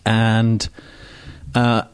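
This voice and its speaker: An older man from Scotland speaks in polished received pronunciation, wry and self-mocking as he wanders through a personal story full of ums and asides. His voice sits low, and the sound is close and dry. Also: completely flat delivery, very slow, smooth, dry recording. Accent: received pronunciation English. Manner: wry, digressive, self-mocking with many fillers. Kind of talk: storytelling talk. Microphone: microphone on stage.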